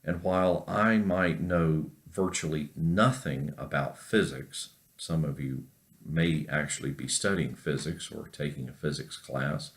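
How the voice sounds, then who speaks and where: Man, extremely low voice, professor lecturing, easygoing, lots of "uh" and "um". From North Carolina. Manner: unhurried storytelling with many fillers. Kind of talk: recorded class lecture with an anecdote.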